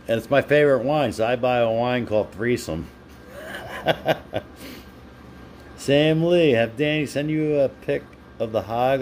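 A man's voice: medium pitch, darkish tone, slight background noise. A man hosting a casual live stream, chatting with viewers by name and laughing often while he reads their comments. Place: home.

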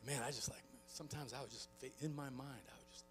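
A middle-aged man preaching a sermon as a pastor, telling stories with animated delivery and acting out quoted voices. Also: medium pitch, fast, soft background music. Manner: animated storytelling, acts out quoted voices, chuckles often.

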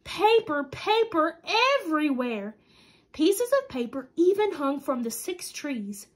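A woman reading a children's story aloud in an expressive, sing-song, deliberate way. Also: high-pitched. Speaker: storybook reader.

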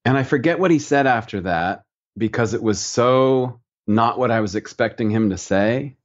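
A man from the United States, a guest painter on a podcast, talking in a relaxed, reflective way and telling stories. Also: mid-range voice, normal speed, muffled recording. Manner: reflective, storytelling.

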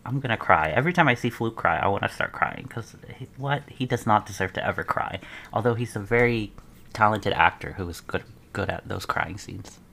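A man reacting to a trailer as an excited fan, muttering asides and breaking into dramatic outbursts. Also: lowish voice, a little fast, creaky. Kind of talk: casual reaction commentary.

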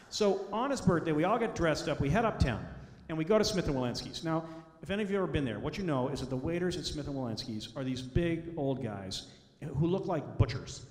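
A man's voice: a little high, expressive, fairly quick. A middle-aged man telling family anecdotes to an audience, acting out the voices in his stories. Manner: storytelling, acts out quoted voices. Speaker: author speaking to an audience. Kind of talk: anecdotal talk. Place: school auditorium. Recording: echoey hall, long reverb.

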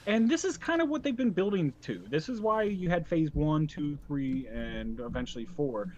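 A man's voice: a little high, animated, moderate pace, lo-fi sound, slight background noise. A man co-hosting a podcast in casual chat, talking in an enthusiastic, rambling way with frequent restarts. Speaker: podcast co-host.

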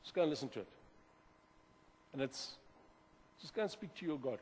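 A man preaching a sermon as pastor, animated, repeating words and swinging from loud to quiet. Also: on the high side, normal speed, a little hiss or hum. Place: church hall. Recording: long hall reverb.

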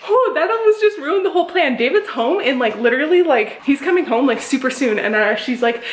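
A chatty young woman talking to camera, rambling and giggling. Her voice sits a bit high, and the room around her echoes with a faint hiss underneath. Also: expressive, a little fast, hardly any pauses. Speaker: vlogger. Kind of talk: casual vlog chat to camera. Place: at home.

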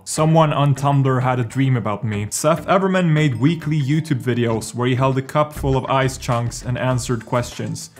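A young man, vlogging in a dry, deadpan comedic way. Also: medium pitch. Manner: deadpan, dry absurd humor. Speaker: YouTuber. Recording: music playing underneath.

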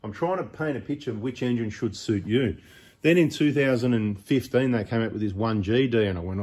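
A middle-aged Australian man talks straight to camera with chatty, opinionated advice, often wandering off on asides. His voice sits at an ordinary male pitch and has a husky edge. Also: brisk, a little mellow. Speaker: host of a 4x4 channel. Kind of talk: casual talking-head advice.

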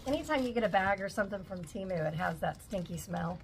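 A woman's voice: medium pitch, fairly even intonation, a little fast, few pauses, pushed and bright, a little hiss or hum. A woman in her forties chatting casually at home as she unboxes a shopping haul, gushing over each item. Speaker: vlogger.

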